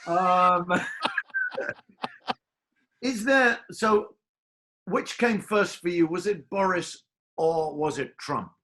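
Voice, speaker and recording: A man's voice: high-pitched, extremely slow, pauses often, pushed and bright. A man hosting a casual interview on a video call, with florid, theatrical phrasing. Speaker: host. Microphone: video call microphone.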